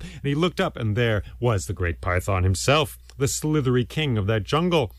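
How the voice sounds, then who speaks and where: A man's voice: mid-range voice, moderate pace, few pauses, dry recording, studio quality. A man telling a folk tale aloud in a rhythmic, repetitive storytelling manner. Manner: animated, rhythmic, repetitive phrasing.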